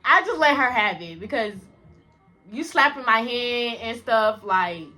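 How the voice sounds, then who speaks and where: Young woman spilling a storytime, AAVE slang, bright voice, acts out every line with big jumps up and down. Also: a little slow, soft background music. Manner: animated, slangy, acts out dialogue with big pitch jumps and laughs. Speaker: vlogger. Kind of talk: storytime vlog.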